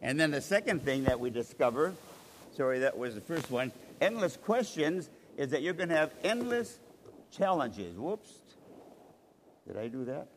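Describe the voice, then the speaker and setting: Animated male preacher in a reverberant hall. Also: medium pitch, moderate pace. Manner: animated, acts out quoted voices. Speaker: pastor. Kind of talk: sermon. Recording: reverberant hall, faint noise.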